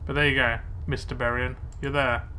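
Muttering to himself while playing, this young let's play gamer keeps up a chatty running commentary. He speaks briskly at a medium pitch in a level tone, his voice bright, forceful and smooth.

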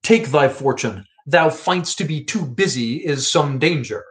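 A man's voice: fairly high pitch, animated, unhurried, fairly bright tone. A man reading the lines of a scornful young prince in verse.

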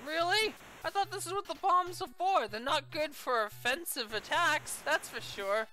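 A woman's voice: high voice, lively intonation, moderate pace, sharp tone, a little hiss or hum. A woman doing let's play commentary, exasperated, swearing freely, with yelps and laughs. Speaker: video game streamer.

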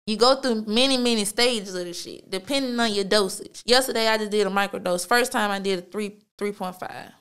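This podcast host speaks in a mid-range voice, brisk and with few pauses, her tone a bit bright, clear and resonant. On her own show she delivers a casual storytelling monologue, relaxed and full of slang and curse words, leaning on "like" and "you feel me" as fillers.

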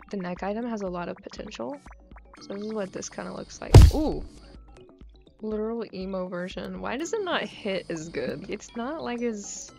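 Her voice is medium-pitched and gravelly as this young gaming YouTuber gushes about a game update, chatty and excitable with lots of slang and filler. She speaks into a handheld mic that peaks and overdrives, over dull lo-fi sound with faint music.

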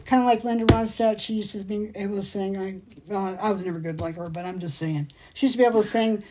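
A woman's voice: mid-range voice, steady tone, fast talker, dark tone. Rambling, chatty woman hosting a livestream. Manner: reads out viewer comments. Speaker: jewelry shop livestream host. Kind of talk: casual livestream chat.

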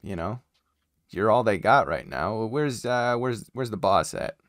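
A man's voice: on the low side, lively intonation, measured pace, fairly bright tone, dry recording, clean studio sound. A man playing a tabletop game, talking in character casually and hesitantly with many fillers. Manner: hesitant, many ums and uhs. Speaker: player.

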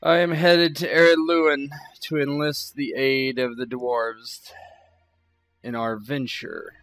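An earnest male ranger makes formal declarations, voiced by a man. He speaks slowly and deliberately, in a medium voice. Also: medium pitch, flat delivery, fairly bright tone, no room sound, faint music behind, pitched above the performer's own voice.

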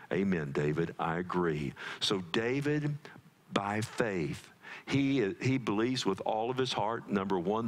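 Pastor, male, lowish voice; earnest, pleading sermon delivery with frequent repeats. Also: fairly bright tone. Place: church service.

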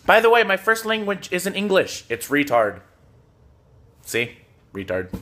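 A young man talking casually as he unboxes trading cards on a phone recording, excitable, swearing often and tossing out jokey asides. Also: high-pitched, measured pace. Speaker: card unboxing vlogger.

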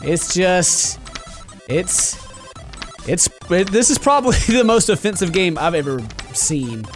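Excitable male gaming host with a bright, high voice, game music playing clearly behind him. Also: slow pace. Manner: excitable, yells at enemies, laughs often. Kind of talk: let's play commentary.

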